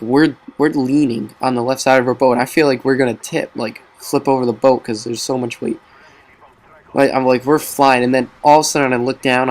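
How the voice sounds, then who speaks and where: A man casually telling personal stories to camera, rambling with lots of likes and ums. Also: mid-range voice. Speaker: vlogger.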